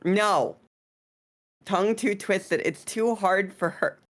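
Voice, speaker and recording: A woman's voice: medium pitch, slow pace. A woman streamer chatting casually on a live stream, teasing and bratty in a playful way.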